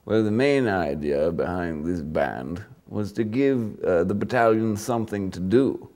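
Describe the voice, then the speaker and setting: A man's voice: sits low, animated, a little slow, darkish tone. A man playing a pompous old British sergeant. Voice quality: pompous, rambling, bluffing. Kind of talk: improvised mock interview.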